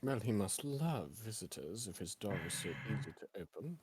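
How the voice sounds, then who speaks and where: A man's voice: on the low side, very animated, normal speed, background noise. A man playing a tabletop game over voice chat, joking and laughing at his own lines. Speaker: player.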